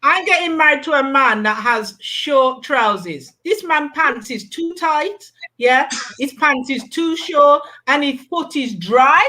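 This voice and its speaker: Woman host, high voice, blunt and emphatic, casual recap chat. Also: lively intonation, slow, hardly any pauses, sharp tone. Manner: emphatic, blunt, tags points with "yeah?".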